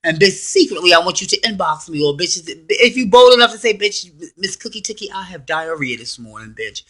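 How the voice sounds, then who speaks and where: Brash, profane diva woman, put on by a man, high and sharp-toned, trash-talking with attitude. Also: big pitch swings, brisk, exaggerated voice. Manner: loud, profane, sassy trash talk. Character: brash foul-mouthed sassy diva woman. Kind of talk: self-interview persona rant.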